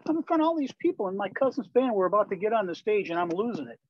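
An older man from Wisconsin, a Christian musician and pastor, telling candid, lively stories as a guest in an interview. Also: high-pitched, very fast, no room sound. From Wisconsin, USA. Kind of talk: storytelling in a conversational interview. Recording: slightly dull, lo-fi sound.

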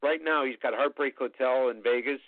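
An older man telling rambling, chatty anecdotes as an interview guest, with frequent pauses. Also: mid-range voice, no room sound, narrow, tinny audio. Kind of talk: storytelling anecdotes in casual conversation.

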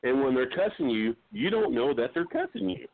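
A middle-aged man calling in to a talk show, telling meandering jokes with halting restarts. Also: medium pitch, very animated, vocal fry, no echo. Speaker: regular caller. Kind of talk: rambling comedic call-in chat. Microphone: phone. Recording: dry tinny phone line.

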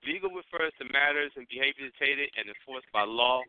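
A male talk radio host wraps up his show in a measured, lecturing tone. The sound is dry and narrow, like a phone line. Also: medium pitch, expressive, smooth, no room sound.

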